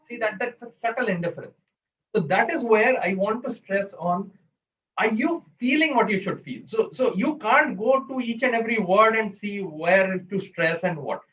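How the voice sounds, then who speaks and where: A man's voice: sits high, lively intonation, normal speed, fairly bright tone. A man leading an online public speaking workshop, coaching and quizzing the audience over a video call. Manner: coaching, asks audience questions. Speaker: workshop presenter. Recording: distant, dull video-call audio.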